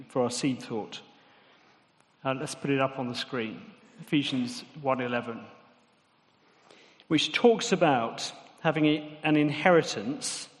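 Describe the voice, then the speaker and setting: A man delivers a sermon in a church hall, speaking conversationally and turning to the congregation with questions. His voice sits a little higher than most men's. A long reverb from the hall trails behind each phrase. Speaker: preacher.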